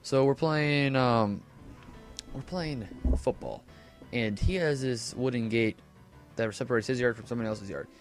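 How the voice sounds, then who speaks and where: A teenage boy with a mid-range voice tells a rambling story while commentating on gameplay, speaking a little slowly and casually, full of fillers and self-corrections. He uses a desk microphone, and faint music plays behind him.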